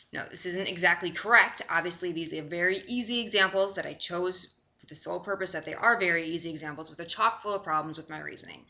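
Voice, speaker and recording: A woman's voice: fairly low pitch, sharp tone, dull audio. A young woman from Chicago giving a recorded online lecture, conversational and often checking in with "okay?". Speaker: course instructor.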